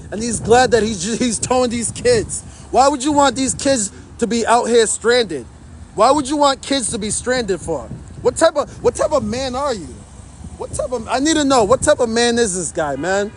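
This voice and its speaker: A man's voice: extremely high pitch, animated, moderate pace, slight background noise. A man livestreaming outdoors from his phone, indignantly commenting to his chat in a repetitive way.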